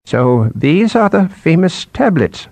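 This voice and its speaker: A man's voice: on the high side, very animated, slow pace, vocal fry, a little mellow, no room sound, pitched above the performer's own voice, heavily acted. A man voicing a frail, mild old male scholar in his seventies with a quavering voice in an audiobook. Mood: curious. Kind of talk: audiobook character voice.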